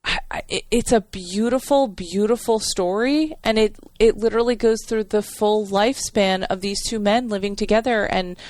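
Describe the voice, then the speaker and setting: A woman co-hosting a podcast, warmly retelling a TV episode in a rambling way with many fillers and restarts. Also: mid-range voice, moderate pace, hardly any pauses, no echo. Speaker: podcast co-host. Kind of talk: casual chat.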